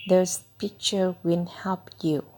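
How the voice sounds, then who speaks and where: A woman slowly reading out a children's phonics book word by word, tutoring a child. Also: fairly low pitch, fairly even intonation, darkish tone, slight background noise. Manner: slow, deliberate word-by-word reading. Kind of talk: slow phonics read-aloud for a child.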